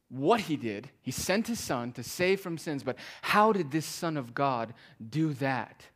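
A man's voice: on the high side, lively intonation, measured pace, few pauses. Man preaching a dynamic sermon. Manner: preacherly, rising to emphatic declarations then dropping to hushed tones. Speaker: pastor.

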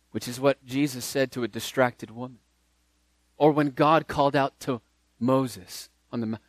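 A man preaching a verse-by-verse sermon, emphatic and repeating key phrases for stress, with lively swings in loudness. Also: fairly high pitch, measured pace, dry recording.

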